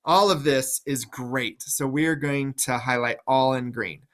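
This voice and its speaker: A man's voice: medium pitch, a little slow, a bit bright. Enthusiastic man explaining a play. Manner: chatty, enthusiastic, full of fillers. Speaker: teacher. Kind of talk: casual classroom explanation.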